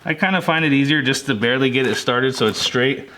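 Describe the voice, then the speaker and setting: A man casually talking viewers through a hands-on vehicle repair, relaxed and chatty as he works. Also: medium pitch, fast. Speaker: DIY vehicle tutorial host. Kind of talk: casual hands-on how-to walkthrough. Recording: roomy echo with faint noise.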